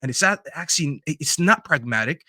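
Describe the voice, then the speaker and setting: A man co-hosting a football podcast, giving strong opinions in a casual, animated debate. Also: on the high side, a little fast, no echo, studio quality. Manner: opinionated, animated, talks over hesitations.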